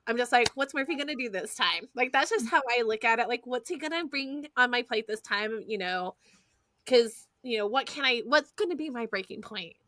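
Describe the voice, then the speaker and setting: A woman, hosting a podcast and telling stories in a lively, foul-mouthed, chatty way. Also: a little high, no room sound. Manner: animated storyteller, swears freely, addresses listeners as y'all. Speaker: podcast host. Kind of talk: casual chat.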